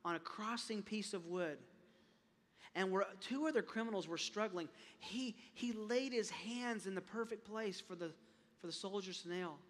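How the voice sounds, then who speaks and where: A man preaching a sermon as a pastor, impassioned, often repeating words and rising to loud emphatic peaks. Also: sits high, moderate pace. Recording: long reverb of a large hall.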